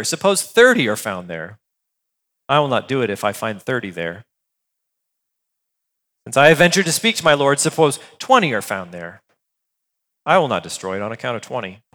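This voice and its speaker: A man preaching a sermon in a conversational, animated way, reading scripture and then explaining it with everyday asides. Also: medium pitch, long reverb tail. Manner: conversational, animated, with filler words and restarts. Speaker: pastor.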